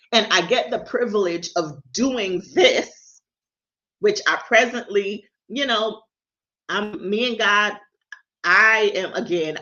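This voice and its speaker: A woman's voice: lowish voice, bright, forceful tone, highs cut off. A woman hosting a casual livestreamed devotional, candid and confiding, often stammering and repeating words. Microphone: camera or phone livestream.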